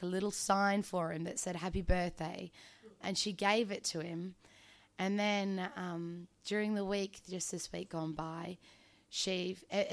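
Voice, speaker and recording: A woman tells a personal story off the cuff. Her voice sits a little low for a woman, and she wanders through her thoughts with plenty of ums, likes and restarts. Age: 20s. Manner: rambling, casual, lots of ums and likes.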